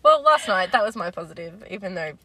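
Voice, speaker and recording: A young adult woman co-hosting a podcast, chatty and quick to laugh, still getting over a lingering illness. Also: mid-range voice, expressive, crowd noise. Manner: chatty, laughs often, swears casually. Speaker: podcast co-host. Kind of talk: casual chat.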